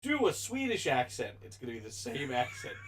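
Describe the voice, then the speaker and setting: A man's voice: medium pitch, huge pitch swings, brisk, a little hiss or hum. A man in casual podcast chat, making dry, ribbing remarks about a friend. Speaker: podcast co-host.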